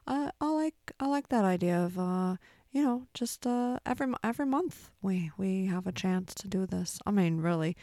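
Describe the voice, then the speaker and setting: An easygoing, friendly male bear, played by a woman in a comic audio skit. He speaks softly and in a relaxed way, with small halting restarts. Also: on the low side, gravelly, no room sound, clean studio sound.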